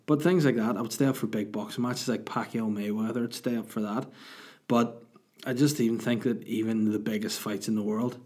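A man's voice: lowish voice, steady tone, fairly quick, mellow. A man, rambling chattily as a solo podcast host. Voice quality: husky. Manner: rambling, self-deprecating, chatty. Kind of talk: casual solo podcast chat.

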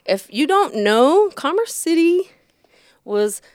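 A woman's voice: slow pace, dry recording, clean studio sound. A woman telling a profane bar story in casual chat, acting out the people she quotes. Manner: animated, profane, acts out quotes in a higher voice. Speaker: storyteller guest.

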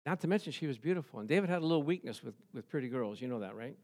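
A man preaching a sermon, telling the story with lively rhetorical questions and chuckles. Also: mid-range voice, racing. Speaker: pastor.

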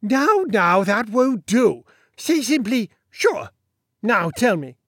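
Man reading as a pompous little Sultan, high voice, big swings of pitch, dry sound. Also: sing-song, slow pace, fairly bright tone, no echo, exaggerated voice. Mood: boastful. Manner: grandiose, bossy and cheerfully self-satisfied. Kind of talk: audiobook character voice.

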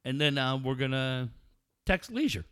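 A man's voice: medium pitch, lively intonation, moderate pace, a bit bright, a little hiss or hum. A middle-aged man co-hosting a podcast in crude casual chat, profane and mocking, laughing often. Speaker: podcast co-host.

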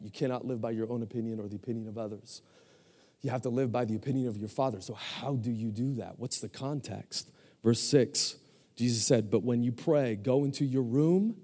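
A man in his forties preaching a sermon as pastor, with energetic call-and-response to the congregation. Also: mid-range voice, in a large hall. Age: 40s.

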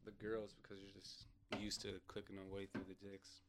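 A man's voice: on the low side, completely flat delivery, normal speed, a bit bright, slight background noise. A young man in casual chat with friends, cracking crude jokes and laughing easily.

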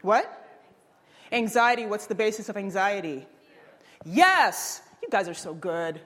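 A woman giving an energetic workshop talk, quizzing the audience and preaching her ideas. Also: mid-range voice, moderate pace, in a large hall. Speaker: workshop speaker.

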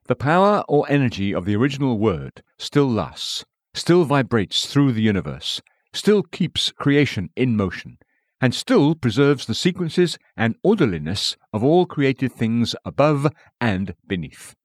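A man reads a devotional text aloud in a measured, scripted way, naming each scripture citation as he goes. His pitch rises and falls with plenty of movement. The sound is dry and close, with no room around it. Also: dry recording. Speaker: audiobook reader. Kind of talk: scripted narration of a devotional book.

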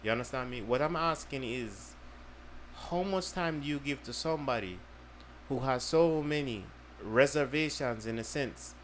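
A man's voice: mid-range voice, expressive, moderate pace, a bit bright, slight background noise. A man hosting a casual podcast chat, explaining at length and checking in with "you understand me". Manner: earnest, repeats "you understand me". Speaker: podcast host.

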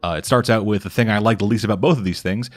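A man recapping a comic book in casual chat, swearing freely and rattling off the plot. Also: lowish voice. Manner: profane, rambling recap with quick mock voices for characters. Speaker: podcast co-host recapping a comic. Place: home at night, speaking quietly for housemates.

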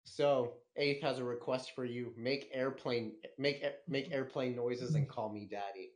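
A man's voice: medium pitch, steady tone, unhurried. A man hosting a casual podcast, reading out listener questions and joking crudely between laughs. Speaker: podcast host.

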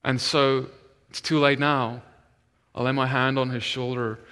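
Bright-voiced male minister in an echoing hall. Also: medium pitch, measured pace, clean tone. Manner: animated storytelling, dropping to a hush when retelling prayers. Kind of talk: testimony sermon.

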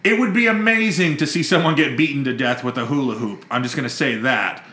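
A man's voice: medium pitch, a little fast, pushed and bright, reverberant. A man hosting a podcast, joking around in casual chat and laughing often. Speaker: podcast host.

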